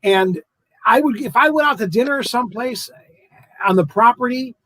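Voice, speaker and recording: A man hosting a casual chat show, talking in an animated, chatty way about his own experiences. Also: very high-pitched, normal speed, rough recording. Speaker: host.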